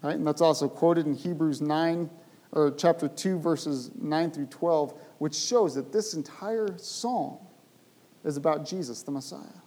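A male pastor preaching a sermon, speaking with animated emphasis and rising to loud, emphatic bursts. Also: fairly high pitch, unhurried, poor audio.

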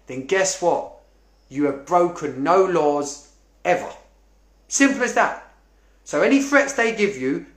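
A man's voice: high voice, a bit bright. Passionate man in an echoey room. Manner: passionate, swears, digresses. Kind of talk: casual monologue.

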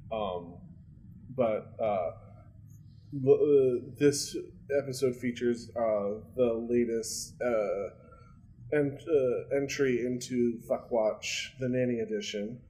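A man's voice: medium pitch, slow pace, dark tone, poor audio. Rambling, laughing man podcast co-host. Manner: rambling, filler-heavy, swears freely, laughs often. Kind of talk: casual chat recapping a sitcom.

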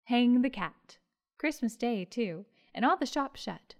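A woman's voice: mid-range voice, fairly quick, lightly acted. A woman reading the part of a brusque, scolding older landlady in an audiobook. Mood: exasperated. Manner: scolding, bustling.

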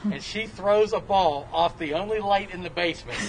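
A man recalls a childhood family story and laughs his way through it. His voice sits a little high for a man, and a crowd chatters clearly in the background. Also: moderate pace, low-quality recording. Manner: amused, laughing while telling. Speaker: family member guest. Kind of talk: casual storytelling.

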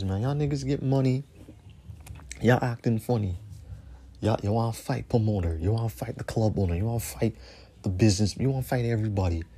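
Man, podcast host, angry solo rant, swears a lot, repeats himself, mellow dark tone. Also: mid-range voice, slight background noise. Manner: angry, profane, repeats phrases for emphasis.

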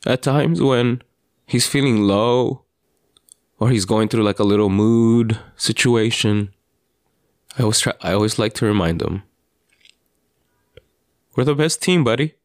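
A father hosting a podcast, telling his story in an earnest, halting personal monologue with frequent restarts. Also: lowish voice, dry recording, studio quality. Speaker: podcast host.

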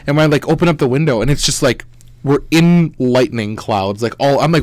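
A young man hosts a podcast, spinning rambling, profane stories in casual chat and acting out quoted voices with lively energy. His mid-range voice moves fast, and the recording is dry.

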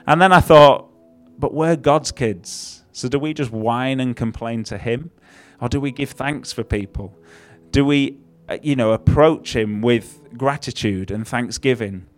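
A man's voice: mid-range voice, unhurried. Male preacher, chatty sermon with dry humour, mid-range voice, faint music behind. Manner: conversational, self-deprecating, with wry asides.

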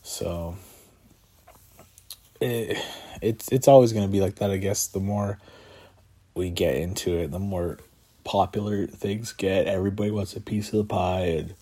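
A man talks on his own in a casual, rambling way, his voice very low and husky. He sounds tired and yawns, stacks fillers and restarts, and chuckles to himself now and then. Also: a little slow, pauses often, dark tone. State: tired, yawning. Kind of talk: casual solo talk about combat sports.

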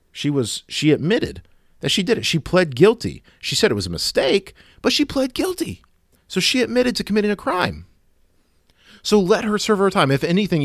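A man's voice: medium pitch, dry recording, studio quality. A man delivering a sarcastic, exasperated rant in a monologue. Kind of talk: ranting monologue.

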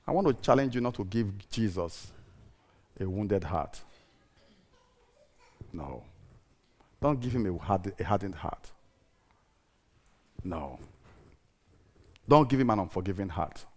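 A man in his fifties preaching a sermon in a church, repeating phrases, calling for responses and swinging from soft to loud emphasis. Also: on the low side, lively intonation, moderate pace. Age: 50s.

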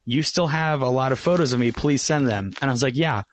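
A man's voice: medium pitch, fairly quick. A man co-hosting a live podcast from a phone call, chatting casually and joking with his co-hosts. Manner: joking, easygoing banter. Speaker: podcast co-host.

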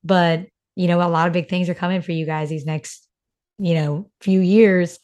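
Speaking at a moderate pace with fairly even intonation, a young woman from North Carolina co-hosts a podcast in a lowish, darkish voice. Her talk is casual and emotional, and she's a chatty storyteller who says "like" a lot.

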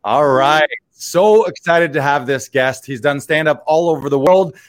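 A male host introduces the next comedian with brisk, upbeat energy. His voice sits a little on the high side, and the sound is dry and close. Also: no room sound, faint music behind. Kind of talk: announcing the next act.

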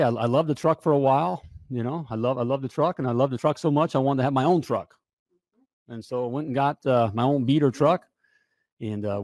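A man coaching plumbers in a casual, joking sales pitch, often checking in with "all right?". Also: darkish tone, no room sound, studio quality. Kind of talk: casual promotional pitch to camera.

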